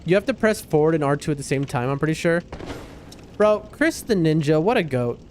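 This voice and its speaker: Casting: male streamer, slightly higher voice, playful and wisecracking, light background hiss. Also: animated, brisk. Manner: joking, playful, talks back to the game. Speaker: livestream gamer host. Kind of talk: casual gaming stream commentary.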